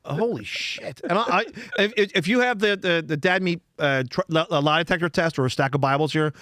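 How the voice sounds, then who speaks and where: A man's voice: fairly high pitch, fairly quick, a bit bright, smooth, no room sound. A man telling rambling comic stories as a podcast guest, laughing often and restarting his sentences. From Philadelphia.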